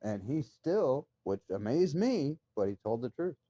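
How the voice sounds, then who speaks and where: A man's voice: mid-range voice, very animated, unhurried, dark tone, no echo. A man talking straight to his viewers in a casual monologue, telling an upsetting story in an agitated, emphatic way with frequent swearing. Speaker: vlogger.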